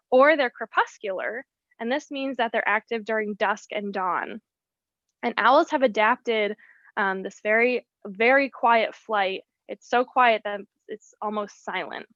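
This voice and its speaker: A woman, a wildlife educator, giving an explanatory presentation about birds and often pausing on "um". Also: a little high, fairly bright tone, no echo, lo-fi sound. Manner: explanatory, with frequent ums.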